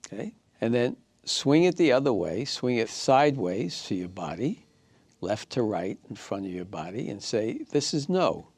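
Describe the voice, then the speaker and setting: Male instructor, lowish voice, calm step-by-step coaching, dry close recording. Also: normal speed, no echo. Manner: calm step-by-step guidance, often checking in with "okay?" and "right?".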